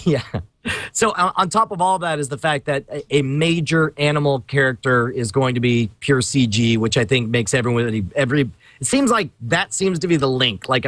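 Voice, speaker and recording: A man's voice: on the high side, a bit bright, no echo. A man co-hosting a podcast, chatting casually and enthusiastically, repeating words for emphasis. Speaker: podcast co-host. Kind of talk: casual chat.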